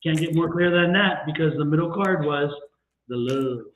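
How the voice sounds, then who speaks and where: High-voiced man on a tinny echoey stream. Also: normal speed, a little hiss or hum. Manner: chatty, repeats phrases, laughs easily. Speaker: tarot reader and co-host. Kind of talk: livestream tarot reading chat. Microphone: livestream call audio.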